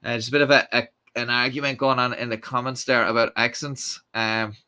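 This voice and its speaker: A man's voice: mid-range voice, little pitch movement, fairly quick, sharp tone, smooth. A young Irish man hosting a live stream, chatting casually and reading out viewer comments, with lots of fillers and restarts. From Ireland. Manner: rambling, many fillers and restarts.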